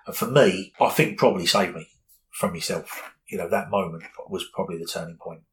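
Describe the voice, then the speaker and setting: Candid middle-aged man, lowish voice. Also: brisk, a bit bright, slight background noise, poor audio. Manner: candid, rambling, with many fillers. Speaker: interviewee. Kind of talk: personal storytelling in an interview.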